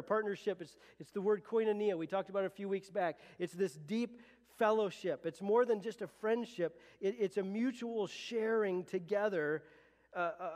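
A pastor with a notably high-pitched voice delivers a sermon to his congregation, earnest and conversational, often circling back to restart phrases. A long reverb from the church sanctuary surrounds his voice.

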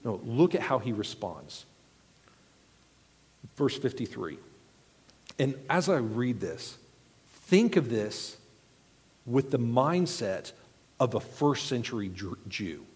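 Brief: unhurried man preaching a sermon, very animated pitch, long hall reverb. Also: husky. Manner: expressive, questioning, explains verse by verse.

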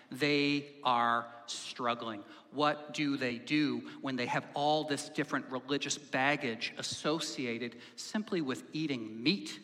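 A man's voice: a little high, bright, forceful tone. A male pastor preaching a sermon, animatedly telling a story and acting out the characters' lines to his congregation. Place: church sanctuary. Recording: hall reverb.

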